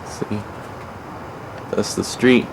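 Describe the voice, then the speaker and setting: A man giving a rambling house tour with wry asides, recorded on a 1990s camcorder at home. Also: drawn-out words. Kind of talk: casual handheld house tour. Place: family house, indoors and garden. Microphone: camcorder built-in mic. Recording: noisy 1990s camcorder audio.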